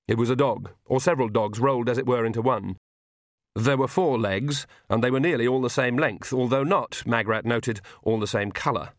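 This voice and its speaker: A man's voice: medium pitch, a little fast, no echo. Dry-voiced male audiobook narrator. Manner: dry storytelling, voices characters. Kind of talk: comic fantasy audiobook reading.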